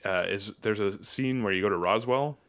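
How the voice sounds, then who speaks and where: A man with a fairly low voice, from New Mexico, hosts a podcast conversation. He talks with rambling enthusiasm, stacking up fillers and restarting his sentences as he goes. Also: normal speed, fairly bright tone, clear, resonant tone. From New Mexico, USA. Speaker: podcast host. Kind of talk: casual chat.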